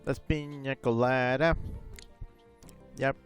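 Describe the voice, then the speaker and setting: A man's voice: medium pitch, steady tone, slow, soft background music. A man chatting casually on a live gaming stream, rambling with lots of fillers and reading chat messages aloud.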